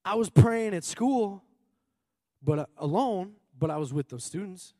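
A man preaching a sermon with a high, very lively voice, jumping between excited shouts and quiet asides. His voice is close and dry on the mic, with a long reverb tail from the hall. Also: measured pace. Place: church hall. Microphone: handheld or stage mic.

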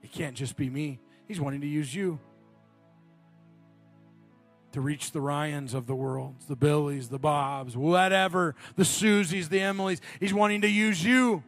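A man's voice: on the high side, normal speed, few pauses, soft background music. A man preaching a sermon, telling a personal story and building to passionate appeals.

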